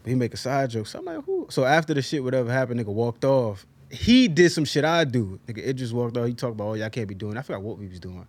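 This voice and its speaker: A man's voice: mid-range voice, quick pace, hardly any pauses, slightly rough. A young man co-hosting a podcast, telling stories in casual chat, acting out the quotes and laughing often. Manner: animated storyteller, acts out quotes, laughs often. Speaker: podcast co-host. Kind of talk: casual storytelling among friends.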